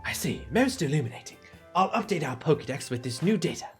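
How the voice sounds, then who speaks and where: A man's voice: fairly high pitch, sing-song, quick pace, over loud music. A man voicing a polite, scholarly male professor with a put-on British accent. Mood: formal.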